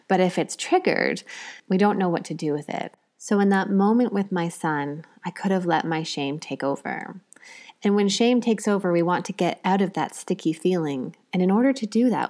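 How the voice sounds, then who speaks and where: A woman's voice: on the low side, a little mellow. A woman in her thirties, a psychologist hosting a podcast, talking candidly in a confiding, reflective way. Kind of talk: personal reflective podcast talk.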